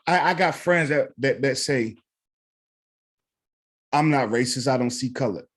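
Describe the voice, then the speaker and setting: A man's voice: medium pitch, a little slow, breathy edge. A man co-hosting a podcast, speaking in casual chat that is earnest, lecturing and profane.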